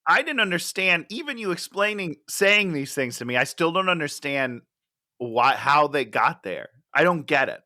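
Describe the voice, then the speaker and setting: Sarcastic co-host, bright voice that swings all over the place. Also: medium pitch, sing-song, normal speed. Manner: sarcastic, exasperated jabs. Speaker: podcast co-host. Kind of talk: casual movie review chat.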